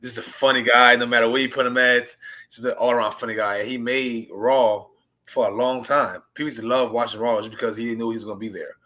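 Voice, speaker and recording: A young man, an indie wrestler, talking excitedly and rambling about his favorite matches in a casual interview. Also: medium pitch, fairly quick. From US Gulf Coast. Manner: animated, rambling, excited storytelling.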